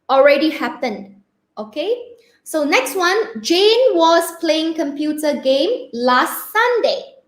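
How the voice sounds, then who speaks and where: A woman teacher with a Malaysian English accent walks her pupils through grammar in a high, lively voice. She talks slowly, repeats key words and keeps checking that everyone follows. The sound is roomy and echoey. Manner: checks understanding often with "okay?". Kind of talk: online English grammar lesson.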